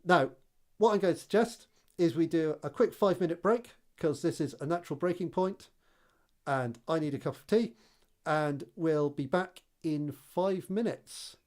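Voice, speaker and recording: A woman running a tabletop game as game master, unhurried and laughing often. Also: low voice, a little mellow.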